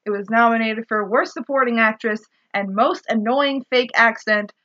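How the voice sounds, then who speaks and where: A woman co-hosting a casual podcast chat, sarcastic and quick to swear and laugh. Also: on the high side, pushed and bright, dull audio. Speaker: podcast co-host.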